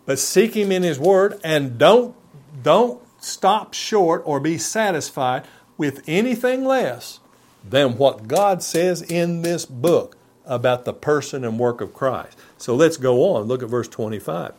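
A man's voice: a little high, lively intonation, slow pace. Emphatic male preacher. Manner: emphatic, pleading preaching with sudden soft drops. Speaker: pastor. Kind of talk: sermon. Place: church TV broadcast.

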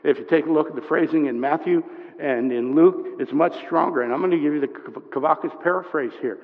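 Impassioned high-voiced male preacher. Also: a little fast. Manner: storytelling, swings from hushed to impassioned. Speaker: pastor. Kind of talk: sermon. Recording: dull lo-fi sound, long hall reverb.

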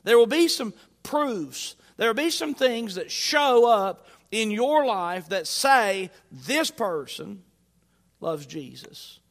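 High-voiced pastor preaching. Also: male voice, very animated, takes it slowly, a bit bright, long reverb tail. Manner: folksy, conversational preaching with rising emphasis. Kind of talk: sermon. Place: church sanctuary.

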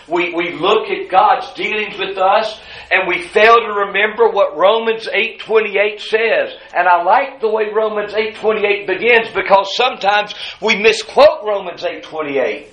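Preacher guy, kinda high voice, drops quiet then gets loud, big echoey room. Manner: swings from hushed asides to loud, high-pitched preaching. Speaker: pastor. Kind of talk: sermon.

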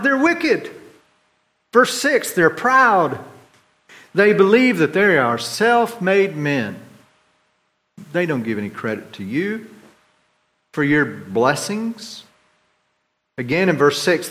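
A man preaching a sermon, swinging between loud, high complaints and quiet, low reflection as he voices the psalmist. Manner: dramatic swings in pitch and volume, voicing the psalmist's complaints. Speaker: pastor.

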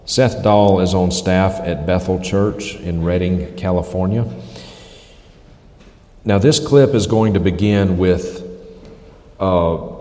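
A man's voice: sits low, warm tone. A man preaching a critical sermon, emphatic and repeating phrases for stress. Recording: echoey hall reverb.

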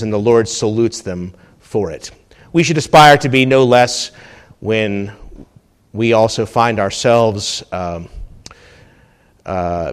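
A male pastor giving a teaching sermon, climbing much higher and louder when he reads quotations and dropping low and quiet on his asides. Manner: teaching tone, rises sharply when quoting, drops low on asides. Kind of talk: expository sermon.

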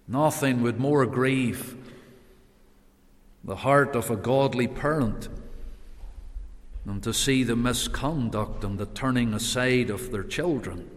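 A man preaching a sermon, swinging between raised emphatic calls and hushed solemn passages, with repeated rhetorical questions. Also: medium pitch, slow pace, pauses often. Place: church. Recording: long reverb of a church hall.

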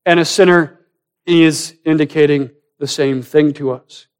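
Preacher with dramatic loud-soft swings. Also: male voice, on the high side, steady tone, measured pace, clean tone. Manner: swings from loud, rising emphasis to hushed, near-whispered lines. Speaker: pastor. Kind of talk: sermon.

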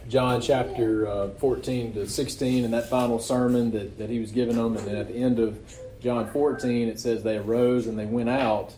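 A man's voice: mid-range voice, little pitch movement, normal speed, dark tone, slight background noise. A man preaching a sermon to his congregation in a casual, conversational way, often asking rhetorical questions. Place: church. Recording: echoey room.

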